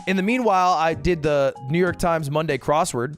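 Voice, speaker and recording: A man, a streamer, telling a story in an exasperated, profane way, casual and animated. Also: a little high, moderate pace, soft background music. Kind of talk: casual comedic storytelling rant.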